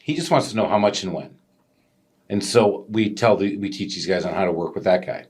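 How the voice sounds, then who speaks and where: A man co-hosting a casual business podcast, an animated storyteller who acts out customers' voices. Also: deep voice, brisk, slightly rough. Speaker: podcast co-host, business owner.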